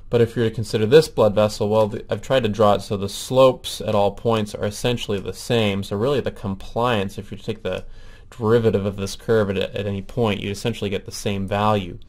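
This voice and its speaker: A man's voice: fairly low pitch, fairly even intonation, brisk, darkish tone. A man giving a recorded medical lecture, explaining step by step with frequent ums and self-corrections.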